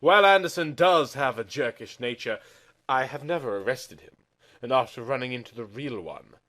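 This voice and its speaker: A man voicing a smug know-it-all male detective who lectures in a loud, condescending way. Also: medium pitch, animated, moderate pace, close to an everyday voice. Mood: lecturing.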